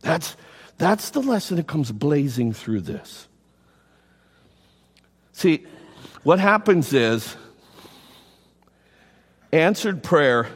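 A middle-aged male pastor preaching a sermon in an animated way, repeating words and adding quick asides. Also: on the high side, slightly rough, in a large hall.

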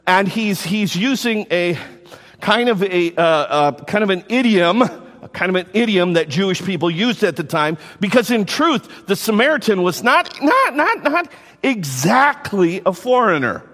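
A middle-aged male pastor preaching a sermon in an animated way, repeating words and adding quick asides. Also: high-pitched, long reverb tail.

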